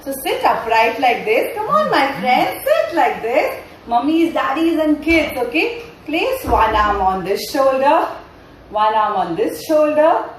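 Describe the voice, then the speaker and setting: A woman's voice: high voice, big pitch swings, unhurried, far from the mic, a little hiss or hum. A woman yoga trainer leading a playful class for parents and children, asking the class questions in a sing-song, storytelling way. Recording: very echoey room with faint ambience.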